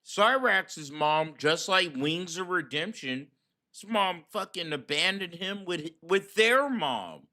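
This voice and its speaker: A man's voice: high voice, expressive, slow pace, bright, forceful tone. A man hosting a reaction stream, mocking a clip in profane, laid-back slang. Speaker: host commentator.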